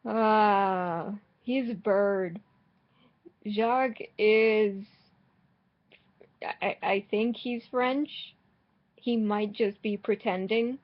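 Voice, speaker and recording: A woman rambles through casual commentary on her game, dry and sarcastic, with blunt swearing and frequent false starts. She talks at an unhurried pace. The recording is a little dull and lo-fi, like a cheap home microphone. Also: medium pitch. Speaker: gaming vlogger.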